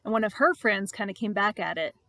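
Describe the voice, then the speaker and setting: A woman reads her own devotional writing aloud in an expressive, reflective way. She leans on repeated words for emphasis. Her voice is pitched in the middle for a woman. It is recorded close up in a dry space with no echo. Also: brisk. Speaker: vlogger reading her devotional blog.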